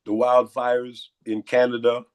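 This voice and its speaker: A hoarse, congested man giving lecturing interview answers and firing off repeated rhetorical questions. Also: mid-range voice, monotone, measured pace. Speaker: guest.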